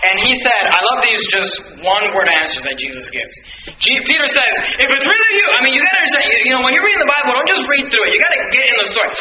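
A man delivers a sermon in a very high, sharp and bright voice. He reads scripture aloud and then breaks into animated asides. The sound is roomy and echoey, with faint noise behind him. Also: quick pace. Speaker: preacher.

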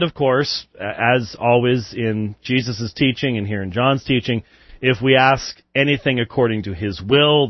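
A man's voice: medium pitch, no room sound, muffled recording. A man hosting a live call-in show, chatting loosely with chuckles and answering Bible questions. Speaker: radio show host.

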